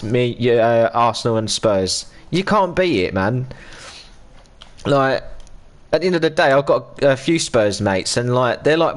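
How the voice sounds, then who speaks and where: An English man in his thirties chatting casually on a live stream while gaming, ranting and swearing freely. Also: mid-range voice.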